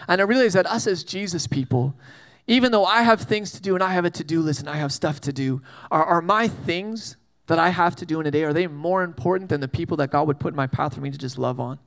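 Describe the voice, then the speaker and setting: Man, pastor, casual sermon, high voice, animated storytelling. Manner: animated, jokey storytelling with acted-out asides.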